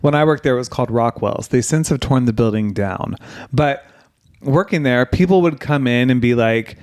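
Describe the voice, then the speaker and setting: A man's voice: mid-range voice, moderate pace, clean tone. A man from Ohio co-hosting a podcast, telling stories in casual chat and laughing often, through a headset mic. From Ohio, USA. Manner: laughs often, relaxed storyteller. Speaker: podcast co-host.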